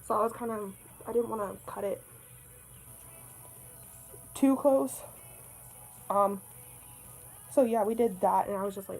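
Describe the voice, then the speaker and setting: A woman's voice: mid-range voice, steady tone, a little slow, gravelly, pauses often, faint music behind, poor audio. A young woman telling a story in a casual vlog, rambling, swearing and joking at her own expense. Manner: rambling, swears a lot, self-deprecating. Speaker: vlogger.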